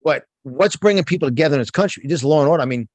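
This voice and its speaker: As a guest in a passionate conversational interview, a middle-aged business coach and motivational speaker with a New York accent sounds emphatic and fired up, frequently restarting his words. His voice is a little high and a little mellow, expressive and racing, in a dry recording.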